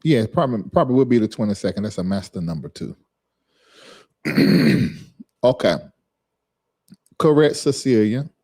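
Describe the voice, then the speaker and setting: His voice is on the low side and mellow, very animated, at normal speed with frequent pauses. He's a chatty live-stream host who calls out viewers by name and repeatedly drills how a word is pronounced.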